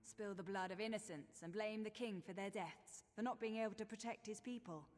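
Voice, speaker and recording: An actress voicing an earnest, shaken temple priestess in a video game, speaking in a measured, concerned way. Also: female voice, mid-range voice, a little mellow, in a large hall, lightly acted.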